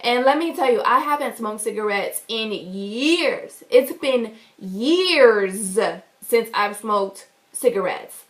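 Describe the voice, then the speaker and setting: Indignant woman telling a story, higher voice. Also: takes it slowly. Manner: animated, indignant, acts out quotes loudly. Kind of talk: storytime vlog.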